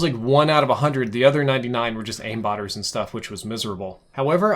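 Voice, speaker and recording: A man giving opinionated, conversational gaming commentary, ranting casually with frequent restarts. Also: medium pitch. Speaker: gaming YouTuber. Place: home setup, in America.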